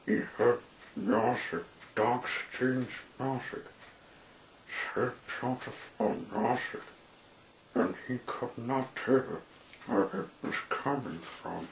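Reading from a storybook at a very slow, measured pace, a man speaks in a mid-range voice that's gravelly with vocal fry. There's a roomy echo to the sound and a faint layer of noise beneath it.

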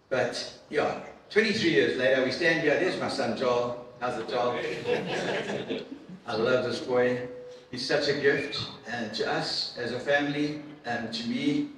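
A middle-aged man giving a heartfelt personal testimony to a men's breakfast, earnest and emotional, halting with repeats and fillers. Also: medium pitch, a bit bright. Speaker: guest speaker at a men's breakfast. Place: large room at a church men's event. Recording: echoey hall from far off with faint noise.

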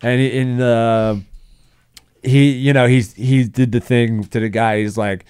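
A man's voice: medium pitch, steady tone, unhurried, a little mellow, clear, resonant tone, no echo. Podcast guy just chatting, stumbles over words a lot, cusses, clean dry mic sound. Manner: rambling, profane, stammering. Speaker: podcast host. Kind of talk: casual chat.

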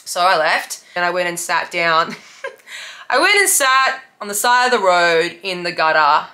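A woman's voice: on the low side, big pitch swings, a little slow, sharp tone. A young woman telling a raw, confessional story of a business failing, swearing often and sometimes laughing through the hard parts. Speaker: business owner. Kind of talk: candid personal storytelling.

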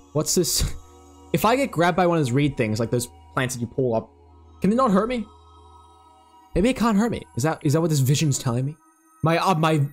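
A man talking through his game run as a let's play host, in a fairly high voice that jumps around a lot. He is excitable and swears freely. He keeps chatting to the creatures on screen as if they could answer. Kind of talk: casual gaming commentary.

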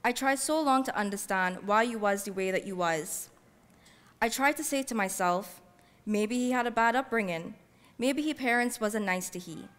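A woman's voice: mid-range voice, a bit bright. Woman reading fiction in a reverberant hall. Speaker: author reading her work. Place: library event space. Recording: long reverb from a large hall.

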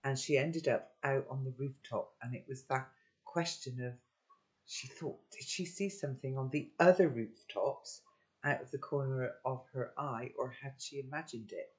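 A man's voice: mid-range voice, moderate pace. A man teaching children, recapping the story with friendly tag questions and then reading a chapter aloud.

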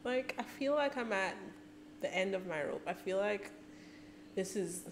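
A woman's voice: medium pitch, expressive, unhurried, background noise. A woman making a casual music reaction vlog, teary and gushing, talking back at the screen in exasperation. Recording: music playing loudly behind her voice.

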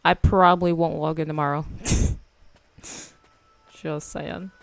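A woman in her twenties giving casual, slangy commentary while streaming a game, chatty and quick to laugh. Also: low-pitched, steady tone. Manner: laid-back, chatty, slangy, laughs often.

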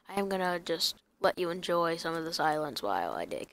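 A woman's voice: fairly low pitch, animated, a little fast, gravelly, hardly any pauses. A young woman chatting casually through a block-building game video, rambling and breaking into silly sing-song bits. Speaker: gaming YouTuber. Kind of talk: casual gaming commentary.

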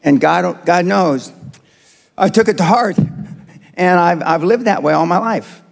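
A man's voice: high voice, a little slow, vocal fry, big-room sound. A man in his seventies giving a blunt, provocative motivational speech to a live audience, with many hesitant fillers. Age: 70s. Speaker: motivational speaker.

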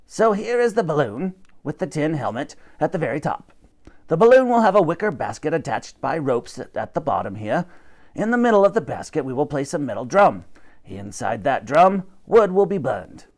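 A man's voice: a little high, very animated, normal speed, darkish tone. A man doing a pompous old professor. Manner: commanding, pompous, bursts of rising emphasis. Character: eccentric old male professor, grand and snappish.

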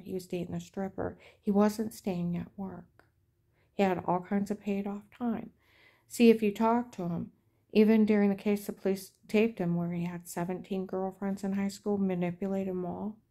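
A woman's voice: medium pitch, warm tone. A middle-aged woman telling a rambling personal story in an aggrieved, indignant way. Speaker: vlogger.

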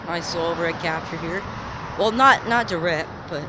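A plane spotter giving rambling, excitable running commentary to a handheld camera while filming jets outdoors near an airport. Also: mid-range voice, normal speed. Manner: excitable, rambling, chatty asides. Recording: outdoor street noise.

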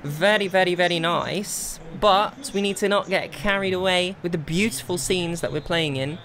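A young man commentating his own football video game, bursting into exasperated shouts and then settling into calm planning. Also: high voice, moderate pace, faint music behind. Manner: excitable, swings between exasperated outbursts and calm planning. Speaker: gaming video creator. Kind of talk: live gameplay commentary.

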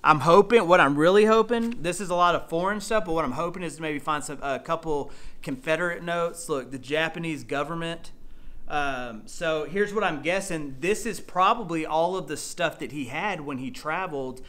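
A man, chatting excitedly as he shows off his finds in a casual vlog. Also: a little high, moderate pace. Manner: excitable, chatty, says y'all. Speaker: storage unit reseller vlogger. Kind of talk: casual show-and-tell vlog.

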